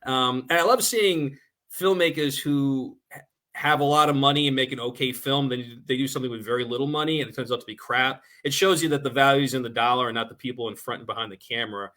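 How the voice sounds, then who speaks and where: A man with a nasal New York accent, chatting animatedly as a guest filmmaker and telling stories quickly. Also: mid-range voice. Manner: fast-talking, animated storyteller. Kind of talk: casual talk-show chat.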